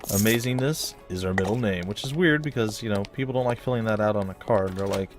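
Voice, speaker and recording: A man with a fairly low voice gives casual, jokey commentary while playing a game, chatting to his viewers as guys and folks. Game music plays clearly underneath him. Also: fast talker, few pauses. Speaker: let's play host.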